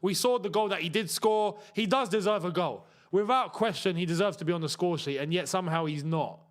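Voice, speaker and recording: A young man hosting a live football watchalong, reacting to the match with chatty asides and excited outbursts. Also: high-pitched, a little fast. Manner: excitable, shouts and laughs at chances, chatty asides.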